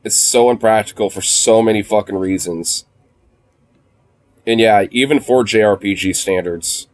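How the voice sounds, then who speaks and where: Low-voiced man, casual and sweary. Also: normal speed. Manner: swears freely and laughs often; coos softly in baby talk to his dog. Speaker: streamer. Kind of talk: casual gaming stream chat.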